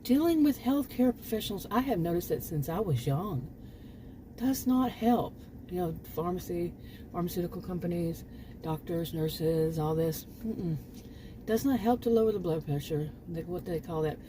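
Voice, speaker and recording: Older woman, casual vlog monologue, rambling and frank, low-pitched, faint hiss behind. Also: moderate pace. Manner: rambling, restarts often, frank and exasperated. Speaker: vlogger.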